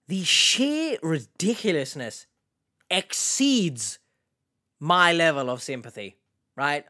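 A man's voice: on the high side, bright, forceful tone. A man hosting a reaction video, commenting in a mocking, exasperated way. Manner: mocking, exasperated, swings between mutters and outbursts.

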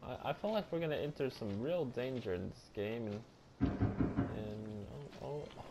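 A man's voice: mid-range voice, expressive, measured pace, very noisy. Jumpy, profane male gamer. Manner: jumpy, profane, loud frightened outbursts. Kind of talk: let's play commentary.

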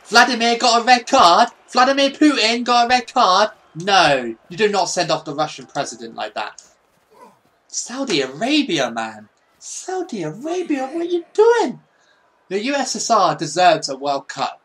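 Excitable man commentating gameplay. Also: sits high, moderate pace. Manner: excitable, sweary, mock-patriotic. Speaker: gaming YouTuber.

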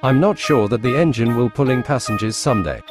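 A vain, mean engine who yells taunts at the newcomer, as a man puts him on. The pitch stays ordinary, with clear music behind the storybook telling. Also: a little fast, natural voice. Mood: taunting. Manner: yelling, taunting.

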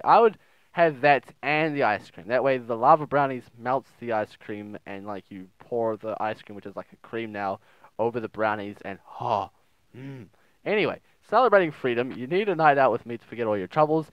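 A man's voice: mid-range voice, clean tone, dry recording. Brief: young male gamer, joking and crude, on a dry, slightly muffled home mic, reads texts in silly voices. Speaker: gaming video host. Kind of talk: casual let's play commentary.

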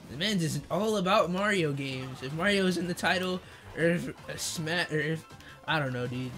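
A young man streaming a kart racing game, chatting in slang, joking, reading chat aloud and yelling at the game. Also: on the high side, normal speed. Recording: faint game music behind.

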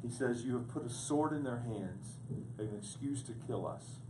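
A man preaching a sermon as pastor, repeating words as he builds to loud, urgent points. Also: mid-range voice, normal speed, noisy background. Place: church sanctuary. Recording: echoey room picked up from a distance.

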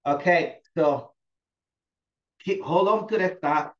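A male fitness instructor leading a class, giving steady cues and encouraging students by name. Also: a little high, slow pace. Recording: echoey, dull lo-fi room sound.

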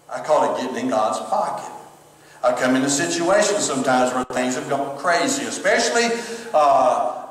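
A pastor preaches in a loose, chatty way, throwing asides to his online viewers. His voice sits at an ordinary man's pitch and is picked up from far away. A long, booming reverb fills the church sanctuary around him. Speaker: pastor and former chaplain. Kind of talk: sermon. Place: church sanctuary, streamed service. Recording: very echoey hall from far off.

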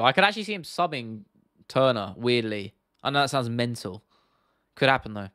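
A man's voice: mid-range voice, animated, fairly quick, a bit bright, no room sound, clean studio sound. A man hosting a casual livestream Q&A. He rambles a little and answers viewer questions directly and bluntly. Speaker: host.

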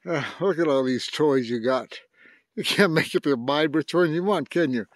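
A man's voice: on the high side, moderate pace, dry recording. An older man talking casually to his dog, coaxing and teasing it with mild curses. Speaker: dog owner playing with his pet.

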